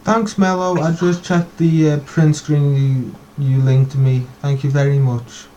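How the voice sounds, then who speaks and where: Swearing guy hosting a stream, rambly, mellow dark voice, bit of hiss. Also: fairly high pitch, flat delivery, unhurried, highs cut off. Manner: profane, rambling. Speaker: host. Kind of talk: casual stream chat.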